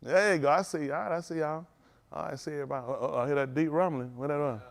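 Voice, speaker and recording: A man pastor who jokes and banters with his livestream viewers by name, then teaches in an earnest, halting way. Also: on the high side, vocal fry. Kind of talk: livestream greeting and sermon.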